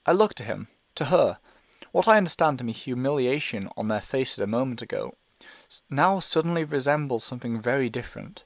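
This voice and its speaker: A man's voice: medium pitch, animated, fairly quick, creaky, no echo. Man narrating an anxious first-person story. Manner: anxious, hesitant inner monologue. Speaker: audiobook reader.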